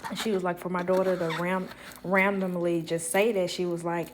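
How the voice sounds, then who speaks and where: Woman, casual storytime, animated, acts out quotes, laughs a lot. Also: on the low side, normal speed, background noise. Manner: animated, quotes people in lively voices, laughs often. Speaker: storyteller vlogger.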